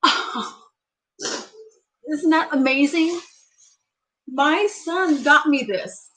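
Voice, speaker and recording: A middle-aged woman with a high voice talks slowly through an unboxing vlog, gushing with delight. She exclaims again and again as she shows each item in her home kitchen. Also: sharp tone, rough recording. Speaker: vlogger.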